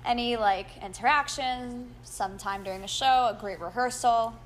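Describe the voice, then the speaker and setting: A woman's voice: a little high, normal speed, slight background noise. Upbeat woman host asking questions. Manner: laughs a lot, upbeat and gushing. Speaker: podcast host. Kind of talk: casual interview chat.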